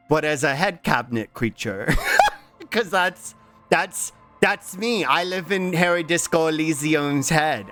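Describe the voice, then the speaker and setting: A man's voice: a little high, fairly bright tone. A man streaming a game in casual, playful chat, rambling with lots of repeated fillers. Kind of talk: casual livestream chat while gaming.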